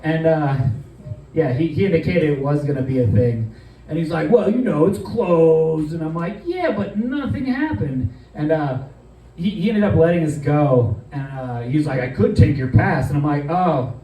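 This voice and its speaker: Mellow-voiced man telling a profane comic story. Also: a little high, normal speed, reverberant, distant mic, low-quality recording. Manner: loose, profane, rambling with many fillers. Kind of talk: comedic storytelling monologue.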